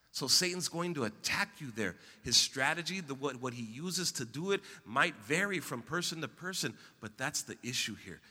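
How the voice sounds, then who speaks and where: A man preaching a sermon as pastor, building to loud exclamations and leading call-and-response with his congregation. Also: mid-range voice, husky, big-room sound. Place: church sanctuary.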